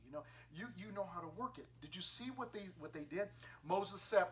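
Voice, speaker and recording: A man preaching a youth sermon on a scripture passage, animated and playful, acting out everyday scenes for teens. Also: sits high, brisk, a little hiss or hum. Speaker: youth pastor.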